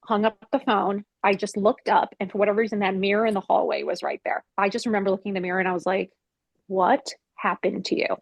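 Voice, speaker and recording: A woman's voice: mid-range voice, quick pace, gravelly, hardly any pauses, no echo. A woman in her fifties speaks as a podcast guest, candid and blunt, with the odd swear word. She acts out her past thoughts as she goes. The sound is dry and close, with almost no room around her voice. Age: 50s. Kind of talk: candid interview storytelling.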